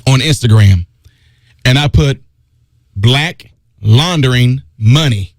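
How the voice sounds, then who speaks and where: A middle-aged man hosting a talk radio show, delivering an emphatic opinion monologue that drops low and loud for stress. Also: no room sound.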